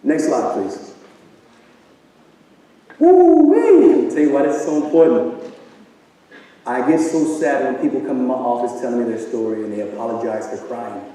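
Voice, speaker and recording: A man's voice: mid-range voice, steady tone, fairly quick, mellow. A man giving a motivational talk to a live audience in a large hall, firing rhetorical questions at the crowd. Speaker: event speaker. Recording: echoey hall from far off.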